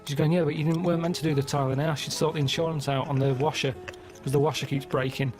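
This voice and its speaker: Guy on the radio, deadpan and matter of fact, a bit high, music underneath. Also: fast talker. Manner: deadpan, flat storytelling. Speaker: radio show regular. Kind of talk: casual chat. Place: radio studio.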